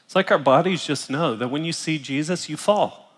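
A middle-aged male pastor preaching a sermon while in pain, speaking emphatically and pausing to cough and clear his throat. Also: fairly high pitch. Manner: emphatic, rising to loud bursts, coughing and clearing throat between phrases. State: in pain, voice strained. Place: large church auditorium. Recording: large hall reverb.

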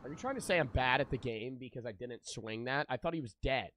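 A man's voice: medium pitch, a little fast, fairly bright tone, slight background noise. A young man streaming, chatting loosely with his viewers, joking and swearing freely. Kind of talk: casual live-stream chat with viewers.

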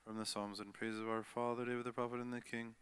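A man leading a church liturgy, reading the prayers in a steady recited cadence. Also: mid-range voice, quick pace, clear, resonant tone. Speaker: liturgy leader.

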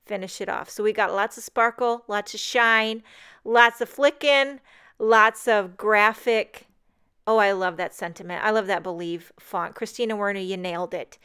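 Bubbly woman with a smooth, clear voice. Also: mid-range voice, steady tone, a little fast, few pauses, a bit bright. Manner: bubbly, chatty and self-deprecating. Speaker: card-making tutorial host. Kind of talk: chatty craft tutorial voice-over.

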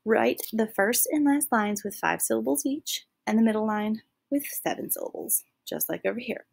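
A woman's voice: on the high side, moderate pace, creaky, a little mellow, breathy edge. A woman teaching a recorded first grade lesson, explaining patiently and clapping out syllables. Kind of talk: recorded classroom lesson for young children.

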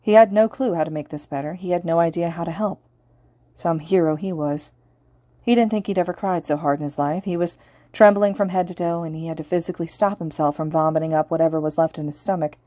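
A woman reads a fan fiction audiobook in an earnest, steady voice. Her pitch sits low, and the room sounds dry and close. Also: a little fast, no echo. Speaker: podfic reader.

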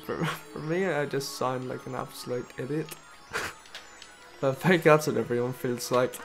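A man's voice: medium pitch, measured pace, gravelly, music in the background. A young British man co-hosting a let's play, giggly and self-deprecating in casual chat. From Britain. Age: young adult.

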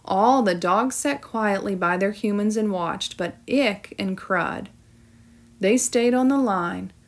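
A woman teacher reading a storybook aloud with clear, expressive narration. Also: mid-range voice, slow.

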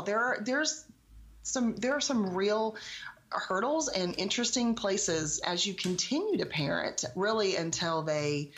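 A woman's voice: mid-range voice, a little slow. A woman in her forties, an author, talking candidly and bluntly in a casual podcast conversation. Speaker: author guest.

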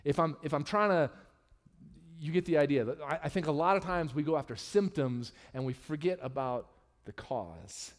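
Male pastor, sermon, fairly high voice, candid, humorous, church sanctuary. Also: moderate pace. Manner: candid and humorous, with lively swings in pitch and loudness.

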